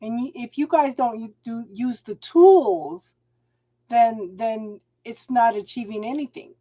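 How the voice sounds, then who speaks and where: A middle-aged woman streaming a live tarot reading, speaking with a mellow, soft-edged voice pitched a bit high. She encourages her viewers gently and keeps calling them hon. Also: unhurried. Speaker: tarot reader and channel host.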